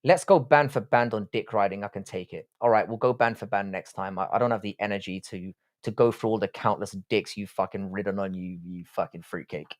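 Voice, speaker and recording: A man's voice: lowish voice, a little fast, few pauses. Profane Southwest London man hosting a stream. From England. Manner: profane, teasing banter. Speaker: live stream host. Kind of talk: casual live-stream chat reading comments.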